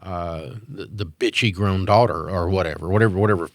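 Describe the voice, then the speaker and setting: Older man, very low voice, blunt interview answers, fillers, dry close sound. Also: brisk, no echo. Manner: blunt, opinionated, with frequent fillers. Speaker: business owner and guest.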